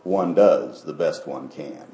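A man voicing a small, dignified male sparrow who talks in a slow, proper, offended way. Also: a bass voice, mellow, a little hiss or hum, voice pushed down. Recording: echoey room.

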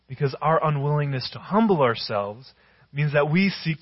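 A man preaching a sermon, telling stories and slowing down to stress key phrases. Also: a little high, animated, slightly rough, no room sound, highs cut off. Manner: storytelling with emphatic, slowed-down phrases. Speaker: pastor.

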